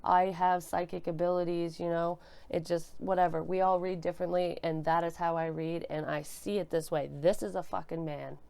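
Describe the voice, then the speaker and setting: Gravelly-voiced woman giving a profane tarot reading. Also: on the low side, level tone, moderate pace, hardly any pauses, warm tone. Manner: blunt and profane, emotional, thinking aloud with many restarts. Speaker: tarot reader and medium. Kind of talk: casual tarot reading to camera. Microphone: desk microphone she bumps.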